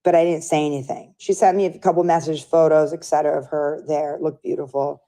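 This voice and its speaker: A woman's voice: sits low, fast. A woman giving an interview, telling a story candidly and acting out what other people said. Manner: animated storyteller who acts out others' lines. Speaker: interview guest.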